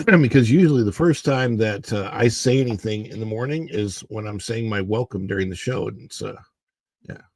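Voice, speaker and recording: A man hosting a casual livestream, chatting and reading viewer comments while his voice is hoarse from the morning and he keeps clearing his throat. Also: on the low side, normal speed, darkish tone, dry recording. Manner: rambling, chatty, greets viewers by name. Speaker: livestream host.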